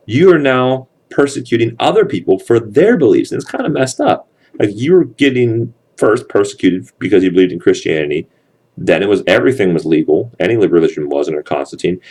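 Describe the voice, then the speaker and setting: Guy teaching a history class, low mellow voice, keeps asking okay?. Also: big pitch swings, normal speed, breathy edge. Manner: explains step by step, often checks in with "okay?". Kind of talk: classroom lecture.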